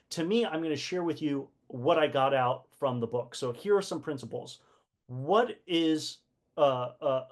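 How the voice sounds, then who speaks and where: A man hosting a casual live-stream book talk, full of rhetorical questions, fillers and restarts. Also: a little high. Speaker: host of a community book session.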